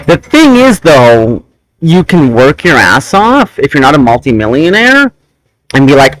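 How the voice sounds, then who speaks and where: A man's voice: medium pitch, measured pace, no room sound, low-quality recording. A man hosting a casual podcast chat, telling rambling stories about his childhood. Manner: animated, rambling storyteller. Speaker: podcast host.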